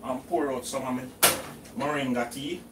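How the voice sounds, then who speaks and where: A man's voice: medium pitch, fairly even intonation, normal speed, very noisy. Jamaican guy chatting in his kitchen while he cooks, easygoing and talkative, normal mid voice. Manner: chatty, drops into patois phrasing. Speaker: cooking vlogger. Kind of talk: casual cooking vlog talk. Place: home kitchen.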